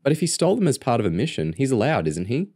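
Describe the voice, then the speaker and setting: A man reading aloud, voicing an eager, excitable young girl in a high, bright voice. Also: fast, breathy edge. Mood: bossy.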